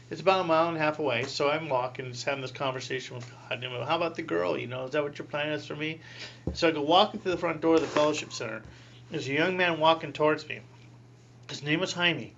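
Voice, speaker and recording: A middle-aged man, a priest, telling his story in an interview with animated delivery and acted-out quotes. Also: fairly high pitch. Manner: animated, acts out quoted voices with laughing asides. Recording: dull lo-fi recording with faint hum.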